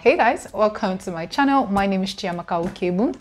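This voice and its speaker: A young Nigerian woman with a Nigerian accent, chatting casually to camera as a vlogger, emphatic and quick to laugh between points. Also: medium pitch, animated, over loud music.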